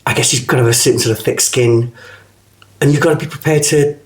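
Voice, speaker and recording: In a casual interview, a middle-aged male actor rattles through stories quickly in a steady, mid-range voice. He's chatty, keeps restarting his sentences, and imitates the voices of people he quotes.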